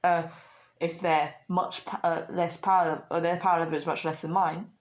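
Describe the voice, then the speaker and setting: A woman's voice: lowish voice, little pitch movement, normal speed, close to an everyday voice. A brash young male alien fighter, cheerful and cocky, as a woman puts him on. He sounds sure of his own strength and talks up his power. It comes from a casual fan retelling.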